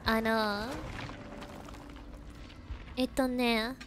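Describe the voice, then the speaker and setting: A woman with a slightly high, level voice speaks very slowly over background noise while streaming a game live. She comments dramatically and rants in frustration at opponents, dropping in Japanese words and referring to herself in the third person.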